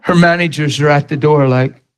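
Middle-aged male preacher, slightly high voice, storytelling sermon. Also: steady tone, moderate pace, clean tone, rough recording. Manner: storytelling, acts out dialogue with shifts in loudness.

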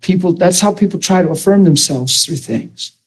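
A man's voice: high voice, animated, normal speed, breathy edge. A man preaching to a class in a sermon-style talk, emphatic and often asking the listeners if they follow him. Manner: emphatic, with rhetorical questions to the listeners.

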